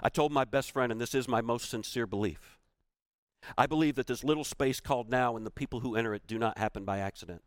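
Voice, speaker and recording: A man's voice: mid-range voice, quick pace, dry recording, clean studio sound. A man giving a motivational keynote. He tells a personal story with emphasis and repeats key phrases for weight. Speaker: motivational speaker.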